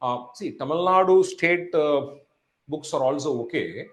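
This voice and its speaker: A man's voice: a little high, measured pace, a bit bright. A man from India teaching exam preparation to students, often asking "am I right?" and repeating "say, for example". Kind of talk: lecture to students. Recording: echoey room.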